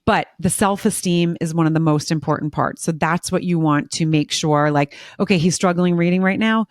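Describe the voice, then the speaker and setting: A woman's voice: lowish voice, normal speed, dry recording, clean studio sound. A woman hosting a podcast interview, talking in a chatty, rambling storytelling way with lots of fillers. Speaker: podcast host. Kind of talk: casual interview talk.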